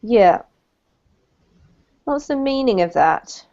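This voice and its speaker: A woman's voice: on the high side, lively intonation, takes it slowly, mellow. A woman teacher giving patient, encouraging pronunciation feedback to a student in an online English lesson. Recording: dull lo-fi call audio.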